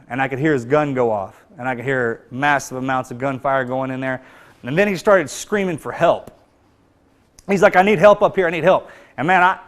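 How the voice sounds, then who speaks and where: Man quietly recounting combat. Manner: earnest, plain-spoken, often drops to a low hush. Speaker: combat veteran telling his story. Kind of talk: spoken personal account to an audience.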